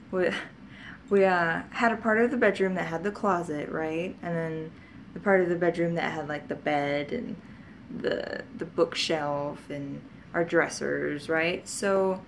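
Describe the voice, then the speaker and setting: A woman's voice: fairly low pitch, slight background noise. A woman vlogger telling childhood stories in a casual, rambling way, often laughing and adding asides. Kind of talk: casual storytelling to camera.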